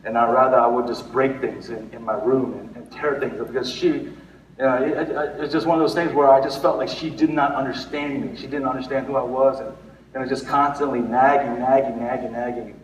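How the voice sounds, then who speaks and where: A man's voice: mid-range voice, fairly even intonation, fairly quick, slight background noise. A man in his forties, a pastor, gives a conversational sermon full of restarts and fillers, sometimes tearing up. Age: 40s. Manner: conversational, many restarts and fillers, laughs at himself. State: tearful. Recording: echoey room, mic at a distance.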